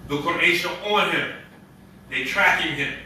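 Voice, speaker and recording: A man's voice: fairly high pitch, a little slow, sharp tone, very echoey, far from the mic, a little hiss or hum, low-quality recording. A man giving a Ramadan sermon as an imam, telling stories in a conversational way with street slang.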